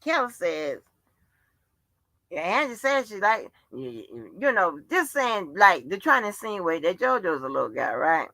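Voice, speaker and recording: A woman's voice: on the low side, big pitch swings, measured pace, sharp tone, no echo. A woman hosting a livestream, ranting in a casual monologue full of profanity and exasperated rhetorical questions. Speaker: livestream host.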